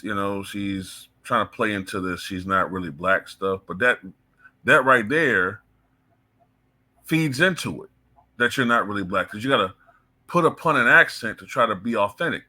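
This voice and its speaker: A man's voice: on the low side, animated, normal speed, pushed and bright. A man giving blunt, heated opinion commentary as the channel's host, cursing freely. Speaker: political commentator.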